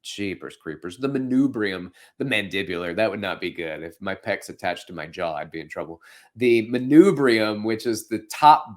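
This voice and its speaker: Lively, joking male podcast host. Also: on the low side, moderate pace. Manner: playful, jokey asides while explaining. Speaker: podcast host and fitness instructor. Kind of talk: casual educational explanation.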